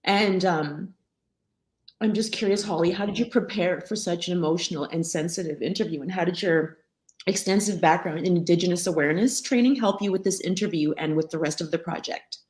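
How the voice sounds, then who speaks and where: A woman hosting a webinar, introducing a film clip and asking a guest questions in a measured way. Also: lowish voice, a little mellow. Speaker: webinar host. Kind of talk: webinar moderation.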